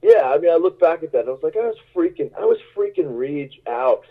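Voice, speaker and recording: Musician rambling over a tinny line. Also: male voice, on the high side, very animated, fast talker. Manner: rambling, self-mocking, laughs often. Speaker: musician guest. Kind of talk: casual interview anecdotes. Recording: tinny phone-like radio line.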